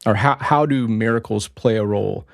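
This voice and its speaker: Low gravelly male podcast host. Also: no room sound, clean studio sound. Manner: brief affirmations, halting questions with fillers. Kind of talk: interview host.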